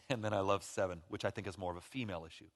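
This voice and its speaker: Animated preacher man in a reverberant hall. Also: low-pitched, rapid-fire. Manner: animated, acts out quoted voices. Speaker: pastor. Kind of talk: sermon. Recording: long reverb of a large hall.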